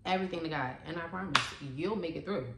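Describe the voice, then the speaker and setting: Earnest low-voiced woman vlogger saying "y'all". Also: fast talker, roomy sound, heavy background noise. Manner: earnest and emotional, says "y'all" often. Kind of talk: casual vlog chat.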